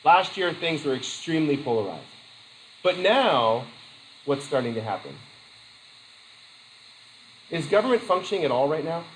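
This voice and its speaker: A man teaching a class, telling chatty stories with asides and quick laughs. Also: a little high, sing-song, reverberant, slight background noise, rough recording. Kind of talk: classroom lecture with anecdotes.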